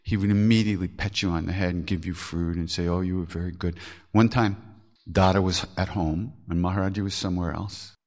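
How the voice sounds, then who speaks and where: A man with a rough, gravelly edge to his voice, pitched on the low side, shares stories in an informal spiritual talk. He is frank and earthy and swears casually. He pokes fun at himself with easy laughter. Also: steady tone, a little fast, darkish tone. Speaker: spiritual teacher telling stories.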